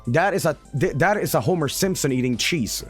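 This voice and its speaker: A man streaming gameplay commentary in a casual, hyperbolic way, with mock-announcer flourishes and shouted swearing at losses. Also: a little high, lively intonation, brisk, breathy edge, soft background music.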